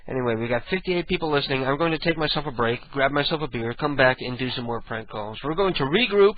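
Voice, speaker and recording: A man's voice: medium pitch, lively intonation, fast, hardly any pauses. A man hosting a casual late-night web radio show, rambling and joking at his own expense. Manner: rambling, joking, self-mocking. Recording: tinny lo-fi stream with faint music.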